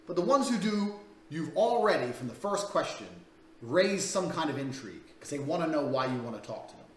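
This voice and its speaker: A man's voice: fairly high pitch, sing-song, brisk, slight background noise. A man coaching in a crude, blunt, profane way, talking through a paid dating course. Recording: echoey room, distant mic, faint ambience.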